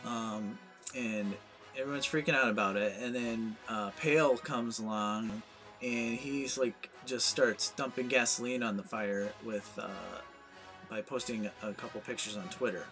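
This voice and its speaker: A man's voice: mid-range voice, steady tone, unhurried, fairly bright tone, soft background music. Anxious rambling man vlogging. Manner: anxious, rambling, self-mocking. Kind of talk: comedic monologue rant.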